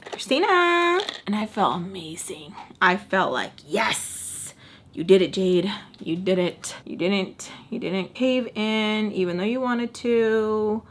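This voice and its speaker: A woman's voice: medium pitch, slow, a little hiss or hum. Young woman vlogger, spills a story to camera, chatty, lots of "like", bits slip in. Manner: chatty, animated, drops in Spanish words and fillers.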